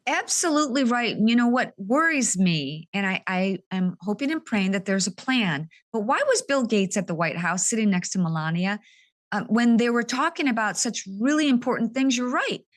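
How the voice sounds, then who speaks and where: Lady host running an interview, fairly high voice, earnest and kinda worked up. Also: animated, moderate pace. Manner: earnest, emotional, indignant. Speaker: podcast host. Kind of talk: conversational interview.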